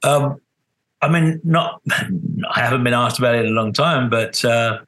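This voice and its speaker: A man's voice: mid-range voice, unhurried, bright, forceful tone, low-quality recording. A middle-aged man, a guest musician in a casual interview, telling rambling stories full of restarts and acted-out quotes. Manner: rambling storyteller, many restarts, acts out quotes.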